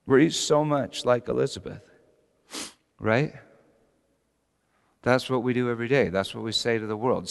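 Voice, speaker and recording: A middle-aged man preaching a sermon as pastor, animated, swinging from soft asides to shouting. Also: medium pitch, normal speed, gravelly, long pauses, smooth. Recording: long hall reverb.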